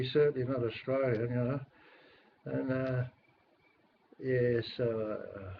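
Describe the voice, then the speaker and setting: Rambling older Londoner on a webcam. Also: male voice, mid-range voice, slight background noise. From England. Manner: rambling, grumbling, swears mildly. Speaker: webcam caller. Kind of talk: casual webcam chat. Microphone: webcam microphone. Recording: dull lo-fi webcam audio.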